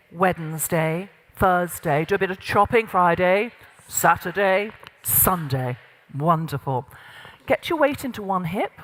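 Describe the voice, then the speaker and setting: A middle-aged woman runs a live workshop, calling out exercises and directions to a seated group. Her voice sits fairly high. The sound rings with the long reverb of a large hall. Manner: lively, directive, demonstrating with exercises. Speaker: voice and presence coach. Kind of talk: interactive workshop instruction. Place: large room with an audience.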